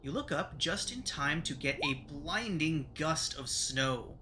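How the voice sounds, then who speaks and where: A man running a tabletop game as game master, describing scenes in measured, descriptive narration. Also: a little high, expressive, bright, forceful tone, slight background noise.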